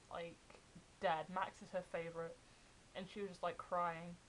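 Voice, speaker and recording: A woman's voice: mid-range voice, a little hiss or hum, rough recording. Chatty young woman vlogger. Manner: chatty, excited retelling of fan anecdotes. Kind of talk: casual storytelling vlog.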